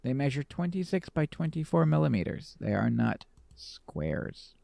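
A man's voice: medium pitch, big pitch swings, moderate pace, creaky, warm tone, no room sound, studio quality. A man co-hosting a podcast in casual chat, rambling with lots of ums and playful sarcasm. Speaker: podcast co-host.

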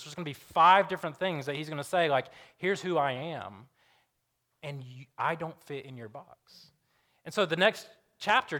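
A man's voice: a little high, sharp tone. A young man preaching a sermon in a casual storytelling way, acting out the voices of the people in the story.

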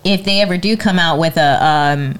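A woman co-hosting a casual live chat, playful and quick to laugh, reading out viewer comments. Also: lowish voice, clear, resonant tone. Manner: playful, laughs often, reads comments aloud. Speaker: co-host.

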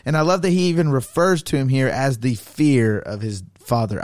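A man's voice: medium pitch, moderate pace, a little mellow, no echo, clean studio sound. A young man co-hosting a casual Bible study podcast, retelling the story animatedly. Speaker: podcast co-host.

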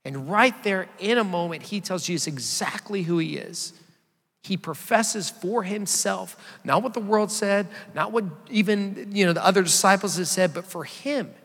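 A male pastor with a somewhat high, gravelly voice delivers a sermon in a relaxed, conversational way and invites the congregation to answer aloud. His voice carries a long reverb from a large church hall. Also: moderate pace.

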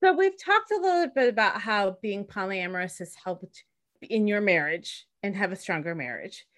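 A woman co-hosting a podcast, asking questions in a measured, teasing interview chat. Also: mid-range voice, animated, a bit bright. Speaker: podcast co-host.

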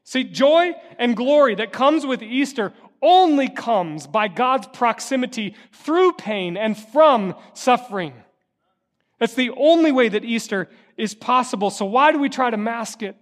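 A man's voice: very high voice, lively intonation, measured pace, long reverb tail. A man preaching a sermon as a pastor, impassioned, with a rising and falling, repetitive cadence. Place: church sanctuary.

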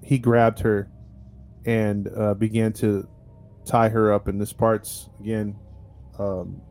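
A man's voice: on the low side, flat delivery, slow pace, a little mellow, faint music behind. A man, a podcast host, telling a true-crime story in a casual, chatty way, with lots of fillers and restarts. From United States.

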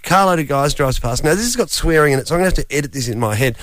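A male comedian guest with an Australian accent, telling a rambling, animated story in casual radio banter. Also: fairly high pitch, very fast, no echo.

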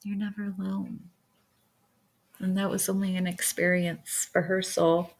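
A woman speaking to her viewers in a halting, emotional way, close to tears, as a spiritual vlogger reflecting on loss. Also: mid-range voice, little pitch movement. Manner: halting, emotional, with many pauses and fillers. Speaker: spiritual vlogger, self-described light worker. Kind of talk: casual reflective talk to viewers.

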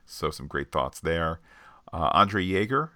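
Man, very deep voice, dry close sound, podcast co-host reading listener tweets aloud. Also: expressive, slow pace, pushed and bright, no echo. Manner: reads off a list with frequent uh fillers.

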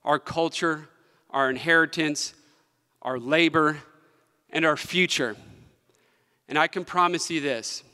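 Here the West Virginia state treasurer slows down a little, leaving long pauses in his passionate, emphatic conference speech and repeating lines for effect. His slightly high voice stays bright, forceful and smooth at the podium, echoing with long reverb through the large hall.

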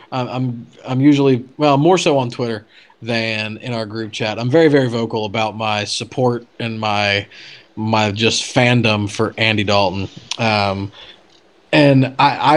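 Man, casual storyteller, talks loosely with fillers, mid-pitched. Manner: chatty, many fillers and restarts. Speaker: podcast guest telling a story.

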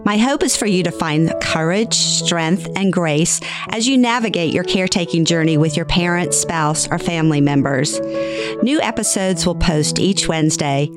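A woman's voice: fairly low pitch, normal speed, music in the background. A woman hosting a podcast, telling her own family stories in a frank, wry way. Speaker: podcast host and storyteller. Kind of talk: first-person storytelling.

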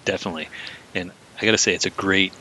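A man's voice: sits low, steady tone, fast talker, bright, forceful tone. A man co-hosting a podcast, chatting casually about a film and often laughing while acting out lines. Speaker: podcast co-host.

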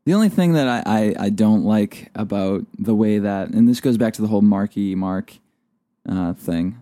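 A man's voice: fairly low pitch, moderate pace, mellow, dry recording. A young man co-hosting a radio show, talking in casual banter with hesitant, filler-heavy phrasing.

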